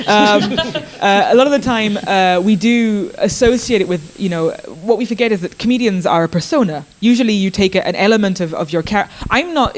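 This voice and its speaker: A woman who does improv comedy, speaking as a panelist in a seminar discussion, thoughtful and hesitant with many fillers. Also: medium pitch.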